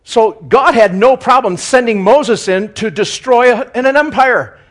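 Speaking at an extremely high pitch and an unhurried pace, a male preacher alternates between booming emphasis and soft, joking asides, chuckling at what he says.

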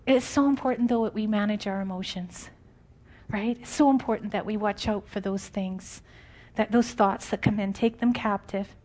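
A woman preaching an informal, conversational sermon, animated and often laughing. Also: medium pitch, normal speed.

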